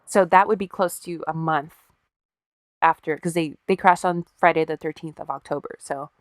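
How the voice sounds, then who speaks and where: A woman with a lowish voice tells a story to her co-host in a loose, chatty way. She swears freely and adds wry asides. The recording is dry and close. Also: steady tone, normal speed, no echo. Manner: profane, wry storyteller acting out quotes. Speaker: podcast co-host. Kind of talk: casual storytelling chat.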